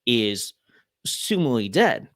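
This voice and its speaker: Man, young adult, rambling casual talk, filler-heavy, mid pitch, dry. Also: big pitch swings, slow pace, no echo. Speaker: podcast guest. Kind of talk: casual podcast chat.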